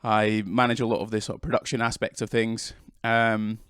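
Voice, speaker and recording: A man's voice: fairly low pitch, flat delivery, normal speed, a bit bright, clear, resonant tone, no room sound, clean studio sound. A man with a British accent, a guest on a casual podcast, who has a cold and talks hesitantly with many restarts. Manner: hesitant, restarts often, self-deprecating. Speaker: interview guest, videographer.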